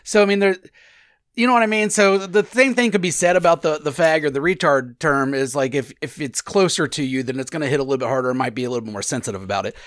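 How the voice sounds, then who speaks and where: A man's voice: a little high, fast talker, fairly bright tone, no echo, clean studio sound. A man with a Cincinnati accent co-hosting a podcast in crude, rambling casual chat, often stopping and restarting his thoughts. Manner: crude, rambling, self-interrupting. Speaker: podcast co-host.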